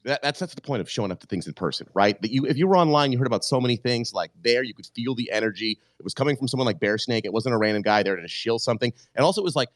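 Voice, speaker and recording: An excitable, loudmouthed man racing through a story on a podcast, words tumbling out quickly and profanity thrown in. His voice sits close and dry, with no room echo. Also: mid-range voice. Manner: excitable, loud, swears freely. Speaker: podcast guest host.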